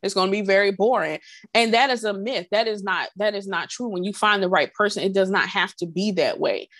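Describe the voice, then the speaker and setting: A woman co-hosting a podcast, speaking in an animated way and acting out the voices she quotes. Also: mid-range voice, brisk, no echo, studio quality. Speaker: podcast co-host. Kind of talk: casual podcast conversation.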